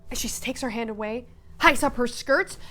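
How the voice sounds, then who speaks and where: A woman vlogger retelling a live-action role-playing game in casual, animated storytelling. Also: a little high, brisk, soft background music.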